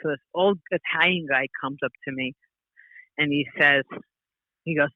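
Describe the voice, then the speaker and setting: A woman comedian with a low voice chats as a podcast guest at a moderate pace, pausing often. She tells rambling, animated stories with frequent restarts and laughter. The line sounds tinny and phone-like, dry with no echo.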